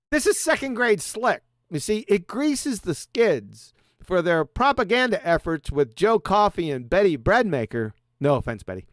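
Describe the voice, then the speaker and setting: A man's voice: sits high, big pitch swings, moderate pace, no room sound, clean studio sound. A middle-aged man hosting a livestream, lecturing sarcastically and firing off rhetorical questions. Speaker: show host. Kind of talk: lecture-style livestream monologue.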